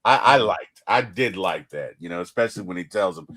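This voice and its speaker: A man's voice: deep voice, moderate pace, hardly any pauses, fairly bright tone. A man co-hosting a TV reaction show, talking in a casual, emphatic way and often repeating words as he restarts.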